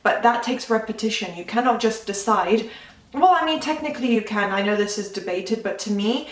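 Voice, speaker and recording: A woman's voice: medium pitch, animated, brisk. A young woman speaks straight to her viewers as a coach, earnest and emphatic as she drives home her point. She sits a little back from the microphone, and the room around her rings with noticeable echo. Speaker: manifestation coach. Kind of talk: casual talk to camera. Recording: roomy, slightly distant mic.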